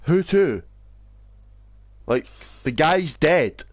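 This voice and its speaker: A man's voice: a little high, lively intonation, extremely slow, dry recording, clean studio sound. A young Scottish man co-hosting a podcast, in casual, sweary chat on a headset microphone. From Scotland. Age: young adult. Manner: sweary, laid-back, yawning. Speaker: podcast co-host.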